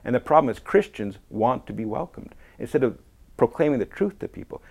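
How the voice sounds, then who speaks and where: A man's voice: medium pitch, very animated, brisk, creaky, darkish tone, breathy edge. A man, a guest apologist, talking emphatically in a casual conversation and quoting others in voices. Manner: emphatic, quotes people in acted voices.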